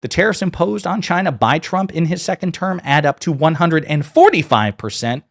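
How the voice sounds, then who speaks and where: A man's voice: fairly high pitch, big pitch swings, moderate pace, creaky. Sarcastic male political commentator. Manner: scornful, emphatic, sarcastic.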